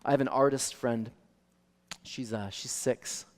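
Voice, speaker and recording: A male pastor preaching a sermon, animated storytelling that swings from soft to loud. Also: mid-range voice, measured pace. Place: church sanctuary. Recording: long reverb of a church hall.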